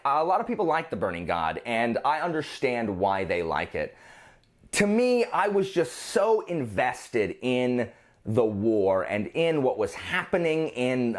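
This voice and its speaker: A man talks through his monthly reading in a loose, chatty book vlog. His pitch swings widely and animatedly as he goes. He rambles, doubles back and restarts sentences mid-thought. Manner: rambling, self-interrupting, frequent restarts. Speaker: book reviewer. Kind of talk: casual book review vlog.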